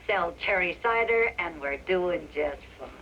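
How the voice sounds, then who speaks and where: A retired vaudeville wife with a lively, animated voice. She tells the story in a dry, wry way. The sound is a muffled 1960s TV soundtrack with faint hiss. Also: on the low side, measured pace. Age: older. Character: wry, good-humored old woman farmer, retired performer. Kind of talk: 1960s TV drama acting.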